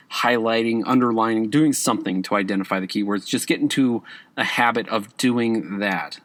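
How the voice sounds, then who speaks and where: Here a man with a lowish, somewhat bright voice talks with no room sound around him. As a podcast host giving informal exam-prep advice, he chats conversationally, often checks in by asking "okay?", and leans hard on key words with emphatic rises.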